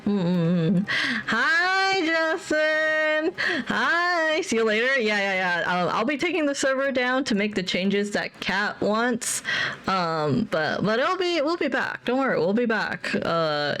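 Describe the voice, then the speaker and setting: A woman's voice: mid-range voice, a bit bright. A young woman livestreamer chatting casually with viewers, rambling and repeating herself. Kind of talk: casual stream chat.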